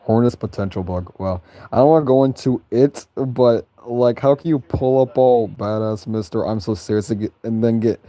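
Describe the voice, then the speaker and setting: A man casually answering viewer questions about his characters on a livestream, halting and repeating phrases, often breaking into high laughter. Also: mellow, no echo.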